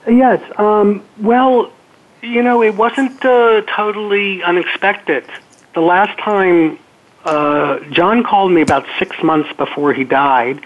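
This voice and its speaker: An older man, an actor guest, telling a story on a call-in interview in a relaxed, halting way. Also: high voice. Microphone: telephone. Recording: phone-line call-in.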